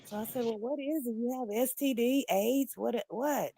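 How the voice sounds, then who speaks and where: A middle-aged woman talks bluntly, acting out each quoted voice with animated storytelling. She speaks over remote call audio that at times comes through low. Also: moderate pace, slight background noise. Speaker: livestream caller. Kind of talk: candid personal story on a livestream. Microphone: remote call audio, sometimes low volume.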